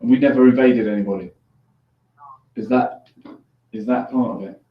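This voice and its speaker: A man with a steady, mid-range voice hosts a casual call-in show at normal speed, chatty, joking and quick to laugh. The mic sits at a distance while he wears headphones, leaving an echoey room sound that is dull and lo-fi.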